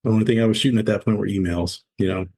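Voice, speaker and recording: Man in his forties, low-pitched, husky, candid storyteller, podcast guest. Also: racing. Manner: candid, animated storyteller acting out quoted dialogue. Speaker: podcast guest, former Navy SEAL. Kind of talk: conversational storytelling interview.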